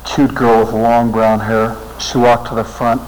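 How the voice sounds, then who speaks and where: A man's voice: medium pitch, little pitch movement, a little slow, a little hiss or hum, low-quality recording. A middle-aged man telling a personal story to a religious audience in an earnest speaking style. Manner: earnest storytelling, voice rising with emotion. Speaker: seminary teacher and speaker.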